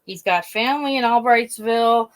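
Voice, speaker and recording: A woman from Pennsylvania, a YouTuber, chatting casually and telling a story in a rambling, animated way with many restarts. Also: a little high, moderate pace, no room sound. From Scranton, Pennsylvania. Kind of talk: casual chat.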